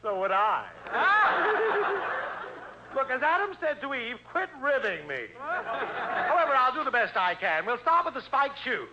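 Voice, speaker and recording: A man's voice: very high-pitched, very animated, slow, long pauses, background noise, full character voice. An actor playing a wisecracking male store salesman who fires off punchy one-liners in an old radio comedy. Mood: joking. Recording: dull distant old radio recording.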